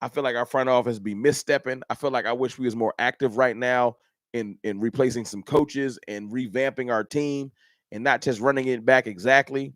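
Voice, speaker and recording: Talking directly to his chat, a male livestream host runs a casual fan stream at normal speed in a mid-range, fairly even voice. He uses a camera mic, yet the sound is studio quality with no room sound.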